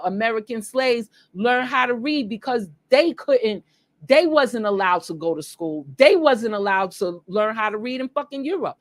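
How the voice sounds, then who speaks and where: A woman's voice: on the high side, no echo. A woman hosting a casual livestream monologue, talking bluntly and emphatically with a lot of swearing. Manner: blunt, profane, emphatic ranting. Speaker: livestream host.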